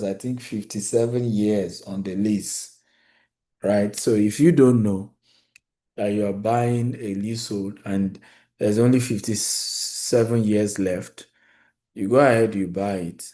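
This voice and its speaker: A man gives a live webinar presentation. His voice sits low and sounds mellow rather than bright. He talks casually and speaks straight to his viewers. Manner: conversational, repeats key points, addresses viewers directly. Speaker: real estate webinar host.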